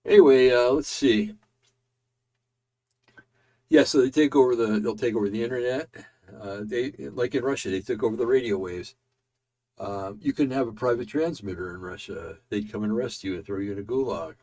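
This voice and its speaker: A man's voice: mid-range voice, moderate pace, mellow. A man hosting casual political commentary, tired and yawning, rambling with many fillers and restarts.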